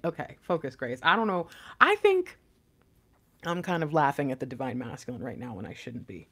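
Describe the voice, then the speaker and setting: A woman's voice: deep voice, wildly swooping pitch, moderate pace. Chatty lady doing a tarot reading, giggly, swears a bit, voice bounces all over. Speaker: tarot reader. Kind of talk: casual intuitive reading to camera.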